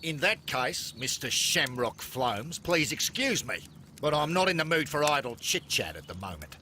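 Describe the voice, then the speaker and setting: Haughty Australian businessman in a game; bright, animated, impatient. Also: on the high side, normal speed, a little hiss or hum. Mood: brusque. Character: brusque wealthy male businessman engineer. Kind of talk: video game voice acting.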